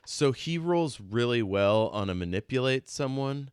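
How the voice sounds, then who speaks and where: Deep, unhurried male game master, dry close sound, easy laughs. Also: clean tone, no echo. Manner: relaxed, laughs often. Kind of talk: running a tabletop game over a video call.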